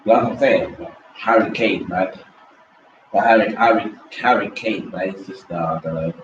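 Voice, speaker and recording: A man's voice: lowish voice, moderate pace, muffled recording, slight background noise. A man hosting a casual football rant, rambling, repeating himself and dismissing players in slang. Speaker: host. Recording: echoey room from far off mic.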